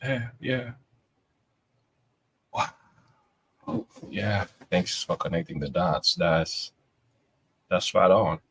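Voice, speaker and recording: A man's voice: sits low, animated, slow pace, long pauses, fairly bright tone, a little hiss or hum. A man co-hosting a casual reaction chat, agreeable and quoting scripture. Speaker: co-host.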